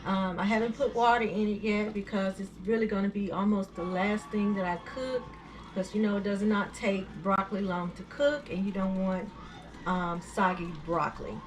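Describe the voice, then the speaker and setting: A woman's voice: medium pitch, steady tone, normal speed, slight background noise. Chatty woman cooking at home. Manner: homey, chatty, many fillers and restarts. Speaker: cooking channel host. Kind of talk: casual home cooking tutorial. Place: home kitchen.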